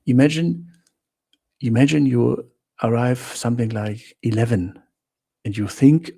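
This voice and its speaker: A man casually hosts a live chat with viewers, greeting them one by one and often breaking into laughter. His voice is dark and mellow, with a creaky, gravelly edge. He speaks slowly in simple, non-native English. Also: mid-range voice. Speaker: travel channel host.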